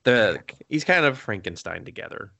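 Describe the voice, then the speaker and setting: A man's voice: mid-range voice, sing-song, moderate pace, vocal fry, sharp tone. A young man on a podcast casually recapping an anime episode, rambling, laughing often and coughing now and then. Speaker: podcast co-host.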